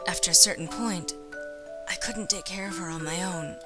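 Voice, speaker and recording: A woman with a slightly hoarse voice from a cold, voicing a gentle, sad teenage boy dove in a hushed, half-whispered tone while reading a game aloud. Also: fairly low pitch, normal speed, loud music behind the voice, lightly acted.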